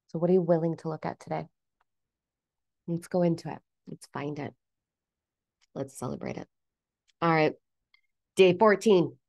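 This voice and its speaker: A woman giving a blunt, animated motivational rant to camera as a self-help vlogger, swearing casually. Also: low-pitched, gravelly, no echo, clean studio sound.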